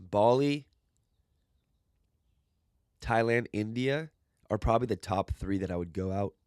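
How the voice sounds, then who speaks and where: A man's voice: on the low side, creaky, darkish tone, dry recording, clean studio sound. A young man casually answering viewer questions in a rambling, upbeat way, sometimes losing his train of thought. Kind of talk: casual Q and A monologue.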